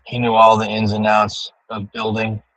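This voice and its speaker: A man livestreams from his car while driving home, rambling and ranting to his chat with heavy profanity, thinking aloud in a casual monologue. His fairly low voice is monotone, moderately paced, and a bit bright, and the audio is poor.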